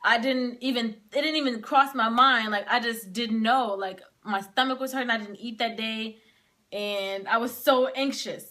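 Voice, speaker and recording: Bright-voiced young woman telling her story. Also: fairly high pitch, steady tone, normal speed. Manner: casual, heavy use of "like", emotional retelling. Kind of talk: personal storytelling to camera.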